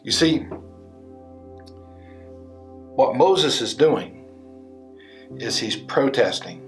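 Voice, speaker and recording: A male pastor preaching a sermon and retelling a story with animated, acted-out quotes. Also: medium pitch. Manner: animated storytelling, voicing biblical figures in quotes.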